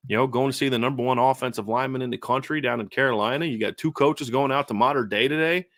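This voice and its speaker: A man's voice: mid-range voice, quick pace, fairly bright tone, no room sound, studio quality. A man co-hosting a casual sports talk show, conversational and prone to repeating words as he starts a thought. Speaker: co-host.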